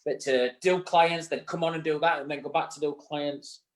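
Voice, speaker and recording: Co-host, Yorkshire man, slightly high voice, earnest and rambling, casual live chat. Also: steady tone, normal speed. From England. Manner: earnest, rambling, occasionally swearing. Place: bar set.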